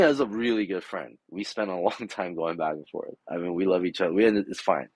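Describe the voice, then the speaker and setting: A deep-voiced, middle-aged vlogger talks quickly with few pauses from his home garage workshop. He tells a casual, meandering story in an exasperated way, acting out each side of an argument. There's no echo on the recording.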